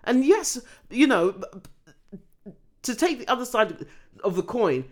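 A woman in casual conversation, opinionated and animated, often restarting her sentences. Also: fairly high pitch, unhurried. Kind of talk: casual chat.

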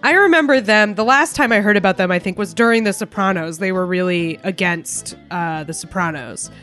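Woman, casual podcast chat, wry jokes, middle pitch, faint music behind. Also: brisk, fairly bright tone. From United States. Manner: wry, joking, laughs often. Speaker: podcast co-host.

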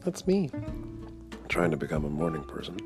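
A man's voice: very deep voice, huge pitch swings, normal speed, over music. A young man hosting a casual morning podcast, rambling and wry, swearing freely. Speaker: podcast host.

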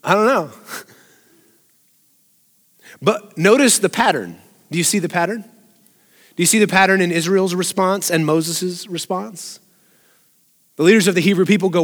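In a reverberant church sanctuary that sounds like a large hall, a man with a high voice preaches at a moderate pace, leaving long pauses. His conversational sermon includes questions to the congregation and frequent laughter.

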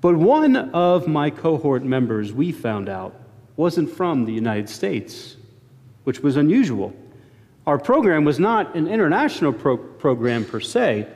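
A man's voice: on the high side, big pitch swings, a little slow, a little mellow. A male pastor preaching a sermon, moving from an earnest prayer into plain storytelling. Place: church sanctuary. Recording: long church reverb.

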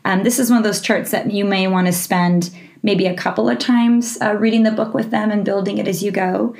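A woman's voice: medium pitch, fairly even intonation, a little fast, gravelly, a little mellow. A woman hosting a teaching podcast, explaining a classroom reading lesson in a friendly way, with frequent ums and restarts. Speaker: literacy teaching podcast host. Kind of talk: instructional podcast talk.

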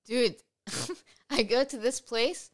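A woman's voice: a little high, slow. A young woman co-hosting a podcast in casual chat, blunt and exasperated, swearing and laughing often. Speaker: podcast co-host.

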